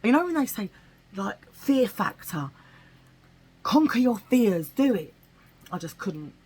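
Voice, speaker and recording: In a low-quality recording, a woman from England talks slowly in a medium-pitched, slightly rough voice. She's a vlogger showing off her shopping finds in an animated, chatty way, with bits of slang thrown in.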